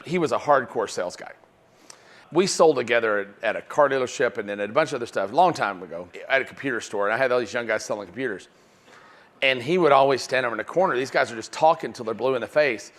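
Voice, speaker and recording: A man's voice: mid-range voice, quick pace. A man giving a live sales-training seminar with lots of energy, often checking in with his audience. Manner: energetic, punctuates points with "right?".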